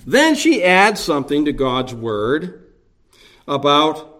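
Slow, deliberate preaching man. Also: fairly high pitch, sing-song, fairly bright tone. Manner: slow, deliberate teaching with emphatic repetition. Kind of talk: expository sermon.

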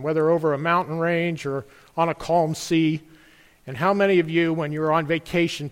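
High-voiced preacher in a reverberant hall. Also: male voice. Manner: earnest, rhetorical questions to the congregation. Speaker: pastor. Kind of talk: sermon.

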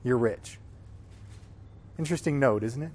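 A man's voice: medium pitch, moderate pace, a little mellow, a little hiss or hum. A man teaching a Sunday school class on the Bible in an informal, conversational way, often checking in with the class by asking "right?".

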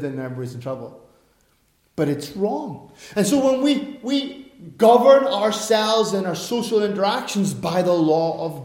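A man's voice: sits high, darkish tone. A middle-aged male pastor preaching a sermon, emphatic, with chatty asides and self-corrections. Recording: echoey room.

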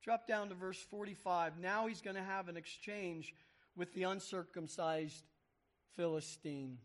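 A man's voice: sits high, steady tone, unhurried. A man preaching a sermon, reading scripture aloud and acting out the voices with emphasis.

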